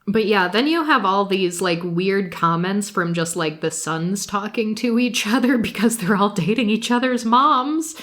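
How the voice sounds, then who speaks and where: A woman talks at an unhurried, drawn-out pace in casual podcast chat. She laughs often and swears freely as she recaps shows, and her pitch sits in a middle range. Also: fairly bright tone. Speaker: podcast co-host.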